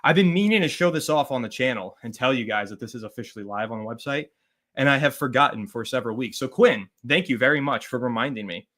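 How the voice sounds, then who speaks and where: A chatty male host with a sharp, bright voice. He talks loosely and rambles as he reads viewer comments on a live stream, shouting out people by name between his thoughts. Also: medium pitch, animated, fast.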